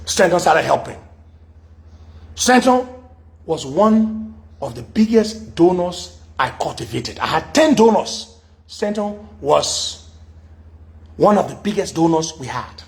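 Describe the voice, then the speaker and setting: A middle-aged Liberian man with a high, gravelly voice hosts a radio talk show. He tells a long story in an animated storytelling monologue, acting out the people he quotes in shifting voices.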